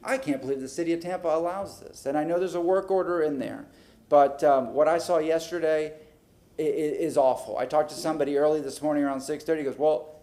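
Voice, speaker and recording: A city councilman talks fast in a fairly high pitch while laying out his frustrations at a public meeting. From his desk microphone in the chamber, he animatedly mimics conversations.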